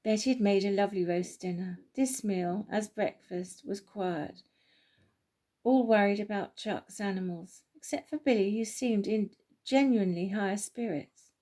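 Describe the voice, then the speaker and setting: Warm-toned woman narrating a children's story, gentle and homely. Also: medium pitch, moderate pace. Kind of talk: reading a children's story aloud.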